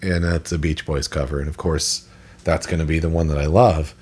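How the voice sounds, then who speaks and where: A man's voice: extremely low pitch, fairly even intonation, fairly quick, darkish tone, slightly rough. A man co-hosting a podcast in casual chat, opinionated and rambling with restarts. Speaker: podcast co-host.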